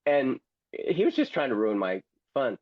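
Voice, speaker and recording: A man's voice: mid-range voice, very animated, moderate pace, darkish tone, no room sound, lo-fi sound. A man who is a guest and memoir author, telling a story theatrically and with humor, acting out other people's voices. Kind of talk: storytelling, reading from his memoir.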